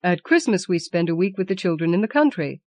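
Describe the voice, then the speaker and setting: A woman's voice: lowish voice, animated, brisk, darkish tone, no room sound. A woman reading the lines of a weary, evasive middle-aged husband in an audiobook, hesitant and pleading. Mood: reluctant.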